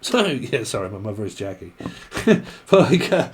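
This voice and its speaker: A man's voice: fairly low pitch, big pitch swings, normal speed, breathy edge. A man giving a casual, rambling tarot reading, joking and swearing freely. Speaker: tarot reader.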